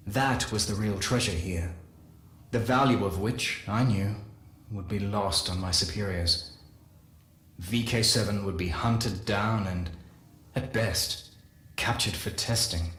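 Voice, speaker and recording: A man giving a dramatic first-person lore reading, measured and solemn, with slow deliberate pauses. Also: fairly low pitch. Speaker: lore narrator. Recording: roomy echo with faint hiss.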